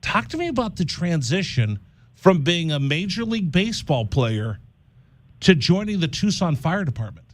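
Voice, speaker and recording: A man's voice: a little high, big pitch swings, moderate pace, no room sound. A man hosting a radio interview, asking his guest open questions in a conversational way. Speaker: radio host.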